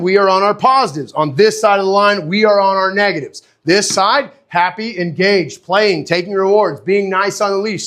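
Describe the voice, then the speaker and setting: Live online, a man with a high-pitched voice gives dog training lessons in a lively, talkative style. He repeatedly checks in with "okay?" and "right?" while answering viewers by name.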